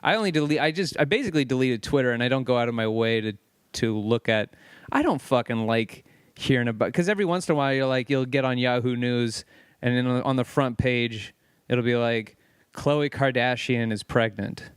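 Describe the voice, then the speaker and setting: A man's voice: medium pitch, a little fast, clean tone, no echo, studio quality. A man co-hosting a casual podcast chat, swearing freely and acting out quotes as he tells stories. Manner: profane, animated storytelling with quoted voices. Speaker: podcast co-host.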